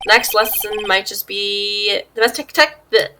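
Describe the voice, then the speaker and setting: A woman's voice: medium pitch, measured pace, pushed and bright, slight background noise. A woman streamer chatting wryly while reading game dialogue aloud in dramatic voices. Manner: chatty, wry, reads lines in dramatic voices. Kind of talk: casual live gameplay chat with read-aloud dialogue. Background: game music.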